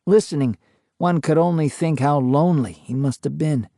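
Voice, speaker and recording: An older man narrating a true ghost story in a slow, measured way. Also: a little high, mellow, no room sound, studio quality.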